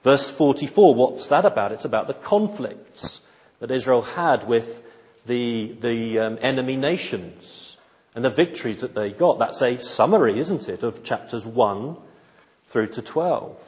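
A man's voice: mid-range voice, animated, measured pace, a little mellow. A man delivers a sermon, driving home each point by repeating it and asking the congregation pointed questions. His voice rings out with a long reverb tail through a church hall. The recording sounds somewhat dull and muffled. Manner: emphatic, repeats key phrases, rhetorical questions. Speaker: pastor.

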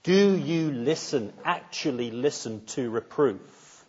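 Slow, husky-voiced male preacher. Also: mid-range voice, lively intonation, darkish tone, highs cut off. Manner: slow, earnest, searching questions to listeners. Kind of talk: sermon.

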